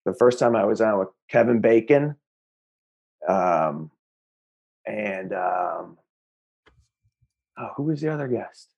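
A man in his forties, a guest comedian chatting casually, easygoing and quick to laugh. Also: fairly low pitch, expressive, creaky, darkish tone, dull audio. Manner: easygoing, laughs often, says "dude".

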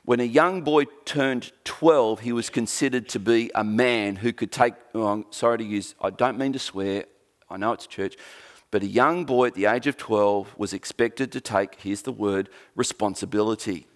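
A man's voice: lowish voice, moderate pace. A man preaching a sermon in church, conversational and jokey, often restarting his sentences. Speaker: pastor.

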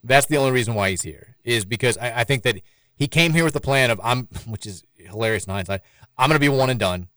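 A man's voice: mid-range voice, animated, fast talker, a bit bright, no room sound. A man hosting a sports radio show in casual chat, with a sarcastic, dry joking manner.

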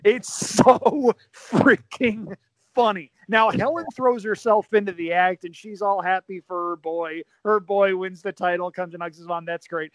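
A talkative man with a high-pitched voice, chatting enthusiastically on a podcast. His voice is recorded close and dry, with no room sound around it. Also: unhurried, dry recording. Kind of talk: casual chat.

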